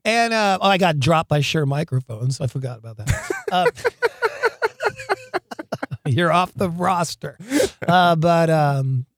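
A man spins wild stories for an interviewer, excitable and profane, stumbling over his words and laughing as he goes. His voice sits a little high, and the close mic in a dry room keeps every word up front. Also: unhurried, long pauses, no echo. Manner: excitable, profane, laughs often, shouts in put-on voices, stammers. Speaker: guest, rock singer. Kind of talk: animated storytelling in an interview.

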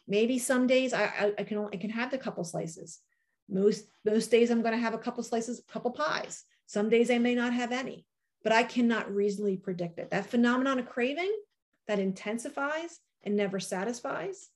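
A woman with a somewhat high voice shares her personal experience with a group. She tells it like a story, full of lively emphasis, and her voice jumps up when she stresses a point. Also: fairly quick. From New Jersey. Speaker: speaker at a recovery meeting.

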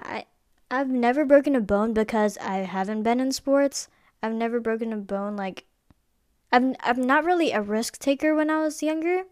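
A woman's voice: on the high side, smooth, no room sound, studio quality. A young woman hosting a podcast, telling personal stories in a rambling, casual way with lots of fillers and restarts. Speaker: podcast host.

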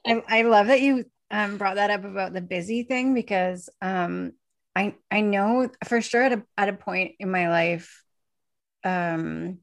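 A woman's voice: mid-range voice, unhurried, vocal fry. A young woman hosting a casual talk show, chatting freely, laughing often and acting out quoted lines. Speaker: podcast host. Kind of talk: casual chat.

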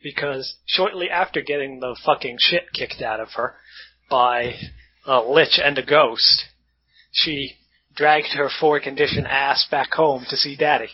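A man's voice: mid-range voice, a little slow, breathy edge. A man narrating as game master in a laid-back, joking way, with casual swearing. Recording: dull lo-fi audio.

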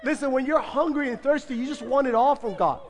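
A man preaching as pastor in a church, playful and laughing, acting out people's excuses in a lively sermon. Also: very high-pitched, fairly quick, a crowd in the background. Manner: playful, acts out congregants' excuses, frequent laughter. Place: church sanctuary.

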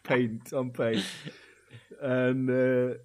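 A man from Scotland co-hosting a podcast, speaking in a dry, soft-spoken, understated way. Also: medium pitch, flat delivery, extremely slow, a crowd in the background. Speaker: podcast co-host. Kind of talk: casual comedic chat.

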